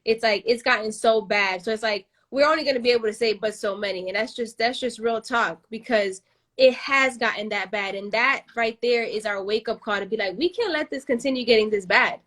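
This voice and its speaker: A woman's voice: a little high, steady tone, brisk, fairly bright tone. A woman hosting a casual podcast conversation, passionate and rambling, with frequent restarts and fillers. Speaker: podcast host.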